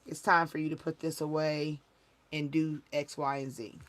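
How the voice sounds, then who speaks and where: A woman voicing God, giving calm, firm instructions. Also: deep voice, normal speed, close to an everyday voice. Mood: instructing.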